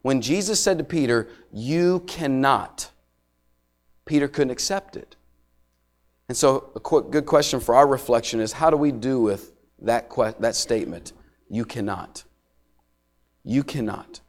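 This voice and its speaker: A middle-aged male pastor delivering a sermon, swinging between raised emphasis and quiet, slowed-down words. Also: medium pitch. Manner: dramatic preaching with wide swings in loudness, dropping to hushed emphasis.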